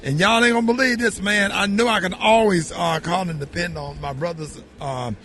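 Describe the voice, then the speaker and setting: A man hosting a morning radio show outdoors, excited and upbeat. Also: high voice, moderate pace. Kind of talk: lively morning radio talk. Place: outdoors at a charity mission.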